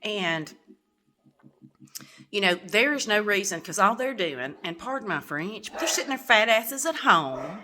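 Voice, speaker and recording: A woman's voice: mid-range voice, expressive, measured pace, a crowd in the background. A middle-aged woman, giving a candid, venting vlog update and swearing freely. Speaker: vlogger.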